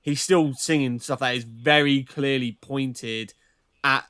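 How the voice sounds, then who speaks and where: A man's voice: medium pitch, fairly even intonation, slow, a bit bright, clean tone, dry recording, studio quality. A man co-hosting a podcast, talking casually and emphatically about an album while searching for words. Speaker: podcast co-host. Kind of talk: casual album review chat.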